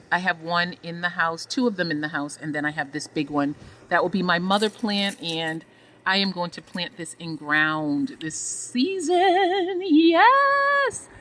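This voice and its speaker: A woman's voice: lowish voice, sharp tone, rough recording. A woman vlogging a casual tour of her greenhouse, gushing affectionately and talking to her plants as she walks around with a handheld phone.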